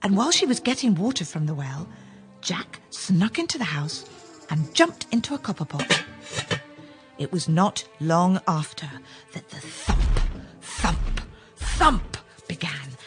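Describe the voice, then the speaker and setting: Brief: animated woman storyteller, lively pitch, faint music underneath. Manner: expressive, drawn-out storytelling. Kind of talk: scripted fairy-tale narration.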